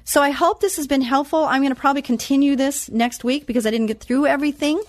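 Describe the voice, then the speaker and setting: A woman's voice: high-pitched, fast, dry recording, studio quality. A woman hosting an inspirational Christian talk show, speaking earnestly with emphatic repetition and chatty asides.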